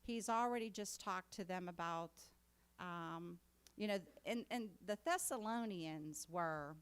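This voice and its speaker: A woman preaching a sermon in a conversational way that builds to emphatic exhortation. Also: medium pitch. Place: congregation meeting hall.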